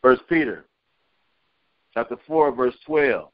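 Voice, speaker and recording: Man reading verses, very slow, dry phone line, lo-fi sound. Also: mid-range voice, dry recording. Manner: reads slowly and deliberately. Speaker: scripture reader on a call. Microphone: phone conference call. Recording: dull lo-fi phone call.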